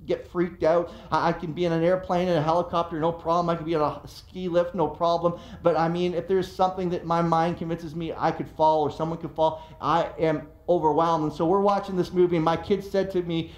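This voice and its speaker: High-voiced pastor preaching in an echoey room. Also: male voice, brisk, hardly any pauses. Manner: animated, emphatic storytelling. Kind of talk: sermon.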